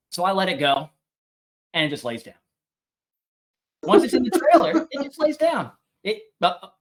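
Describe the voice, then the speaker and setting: A man's voice: high-pitched, big pitch swings, moderate pace, pauses often. Self-deprecating man telling a farm story. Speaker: homesteader guest. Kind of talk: casual storytelling.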